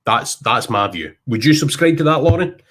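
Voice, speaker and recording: A Scottish man in his thirties hosting a casual podcast chat, animated and self-deprecating as he tells stories. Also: medium pitch, normal speed. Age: 30s. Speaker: podcast host.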